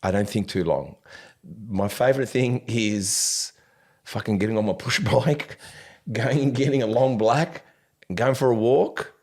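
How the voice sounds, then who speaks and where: A man hosting a podcast, telling stories in a lively casual way and swearing freely. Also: mid-range voice, a little slow. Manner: animated storyteller, swears casually, laughs often. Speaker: podcast host.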